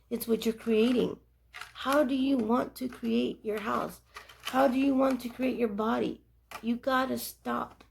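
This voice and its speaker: A woman's voice: on the high side, creaky, slight background noise. A young adult woman giving earnest, rambling life advice in a casual monologue. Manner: earnest, preachy, rambling with restarts.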